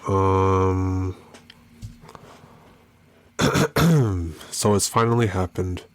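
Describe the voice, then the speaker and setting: A man's voice: low-pitched, drawn-out words. A man from Maryland hosting a solo podcast, rambling and joking with lots of fillers. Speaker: podcast host. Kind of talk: casual solo podcast chat.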